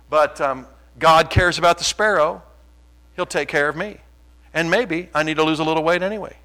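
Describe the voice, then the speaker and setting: A man preaching a sermon, impassioned and swinging from quiet to loud. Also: fairly high pitch, rough recording. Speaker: pastor.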